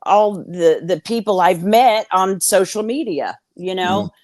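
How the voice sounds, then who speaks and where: A woman's voice: mid-range voice, measured pace, a little mellow, dry recording, studio quality. A woman appearing as a guest on a streamed talk show, speaking sincerely and plainly over a remote call. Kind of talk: casual chat.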